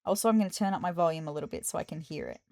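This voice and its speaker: A woman giving casual let's-play commentary, excitable and gushing, with apologetic asides. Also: sits low, racing, creaky, no room sound, studio quality. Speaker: gaming video host.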